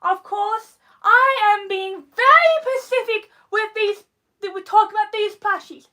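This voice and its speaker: A woman hosting a live stream and showing things on camera, speaking in a deliberate, overly descriptive and emphatic way, rambling and giggling now and then. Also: very high-pitched, pushed and bright. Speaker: livestream host. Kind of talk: live-stream show-and-tell chat.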